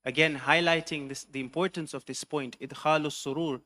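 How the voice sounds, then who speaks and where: A man's voice: fairly high pitch, steady tone, rapid-fire, sharp tone. A man preacher telling a story in a sermon, mixing English narration with recited Arabic phrases. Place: mosque hall.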